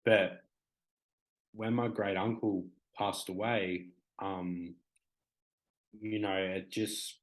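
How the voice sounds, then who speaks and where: A man in his twenties with an Australian accent, appearing as a talk show guest, speaks candidly and rambles with lots of fillers. His voice is low-pitched with a steady tone, extremely slow, with frequent pauses, and the recording quality is poor.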